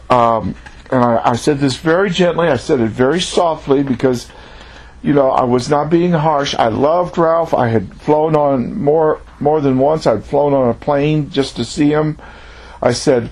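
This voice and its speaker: A man with a husky, breathy voice delivers a personal testimony sermon. He tells his story earnestly and reflectively, at a middle pitch. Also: moderate pace, darkish tone. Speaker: preacher.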